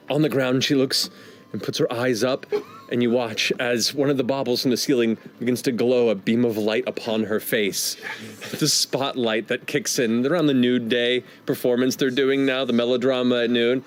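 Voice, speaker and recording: A man narrating a tabletop game as game master, animated, adding sound effects and laughing as he goes. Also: mid-range voice, normal speed.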